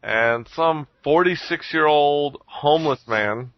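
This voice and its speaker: A man's voice: fairly high pitch, slow pace, no room sound. A man co-hosting a podcast, telling a story in casual chat, swearing a lot and acting out what others said. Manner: animated storytelling, swears a lot, acts out quotes. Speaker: podcast co-host. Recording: dull lo-fi recording.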